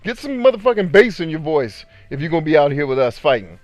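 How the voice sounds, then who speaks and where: A man voicing a brash male warrior who taunts a squeaky-voiced mage in a high, mocking tone. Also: big pitch swings, fast talker, a little mellow, no room sound.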